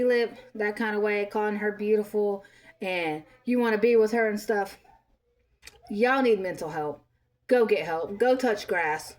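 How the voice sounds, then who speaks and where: A woman in her thirties delivering an angry, profane commentary rant, scolding bluntly. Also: medium pitch. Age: 30s. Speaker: vlogger.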